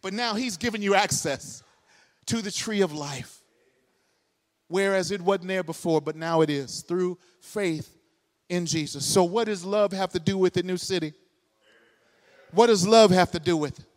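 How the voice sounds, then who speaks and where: A man preaches with fervor from the pulpit, his voice pitched strikingly high for a man. He fires off rhetorical questions and climbs into shouts. A long reverb from the church hall trails each phrase. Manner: impassioned, builds to shouting, rapid rhetorical questions. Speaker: pastor. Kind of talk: sermon. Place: church sanctuary, live congregation.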